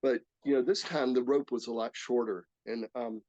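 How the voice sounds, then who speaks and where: A man in his sixties sharing his recovery story in an earnest, halting way, often restarting his sentences. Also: medium pitch, fairly even intonation, a little mellow, no room sound. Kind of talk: personal testimony talk. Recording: slightly dull, dry recording.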